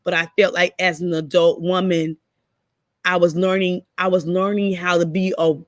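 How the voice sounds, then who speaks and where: A woman's voice: on the low side, little pitch movement, normal speed, dry recording. A middle-aged woman talking casually as a podcast guest, often repeating words and restarting as she searches for her thoughts.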